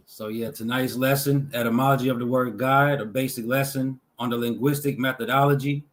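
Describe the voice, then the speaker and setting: A man opening a lesson as guest lecturer, speaking in a calm, measured way. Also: medium pitch. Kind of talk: lesson introduction.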